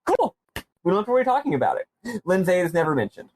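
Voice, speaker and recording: A man's voice: sits high, wildly swooping pitch, fast talker, a little mellow, rough recording. A man hosting a podcast, casually recapping with enthusiastic, rambling asides and plenty of ums. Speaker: podcast host.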